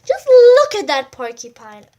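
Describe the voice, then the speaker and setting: A woman's voice: very high voice, sing-song, a little slow, darkish tone, muffled recording, pitched above the performer's own voice, heavily acted. A woman voicing a curious, bossy female porcupine who exclaims emphatically. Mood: emphatic.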